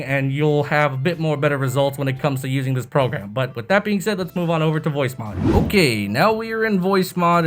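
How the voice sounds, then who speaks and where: Laid-back, profane young man explaining software. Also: a little high. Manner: loose, profane, self-mocking chatter. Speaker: YouTube tutorial host. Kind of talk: casual software tutorial. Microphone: desk microphone with bass-boosting EQ.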